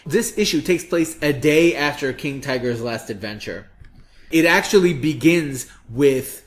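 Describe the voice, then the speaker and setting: A man's voice: mid-range voice, lively intonation, a little slow. A man co-hosting a comics review podcast, talking casually with exasperated, sarcastic asides. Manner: exasperated, sarcastic, jumps into mock voices. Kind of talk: casual chat.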